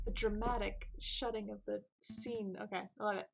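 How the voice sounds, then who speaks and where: A woman's voice: medium pitch, level tone, moderate pace, creaky, hardly any pauses, a little hiss or hum. A woman reading through a story game and commenting on it in a chatty, self-mocking way. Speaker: let's play host.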